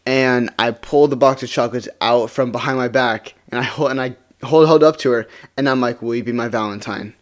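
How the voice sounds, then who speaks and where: A man's voice: medium pitch, steady tone, brisk, hardly any pauses. Man, casual storytime vlog, mid-range voice, rambling restarts, sinks to a mumble, face-cam monologue. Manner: rambling with many restarts, drops to a near-mumble when glum. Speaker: vlogger. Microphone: face-cam setup.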